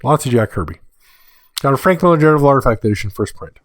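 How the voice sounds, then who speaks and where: A man's voice: medium pitch, expressive, racing, no room sound. A man hosting a solo podcast, reading through a list of sale prices with dry asides, sounding tired late at night. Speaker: podcast host.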